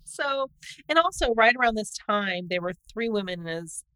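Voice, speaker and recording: A woman co-hosting a casual podcast, telling the story in an animated way, laughing often and trailing off mid-sentence. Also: medium pitch, moderate pace, dry recording, rough recording. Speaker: podcast co-host. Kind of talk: casual true crime podcast chat.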